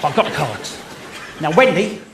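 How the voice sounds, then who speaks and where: A man doing a magic act on a theatre stage, bantering cheekily and loudly with the audience. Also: a little high, big pitch swings, unhurried, creaky. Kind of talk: comic stage patter with audience. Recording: live theatre with loud crowd and noise.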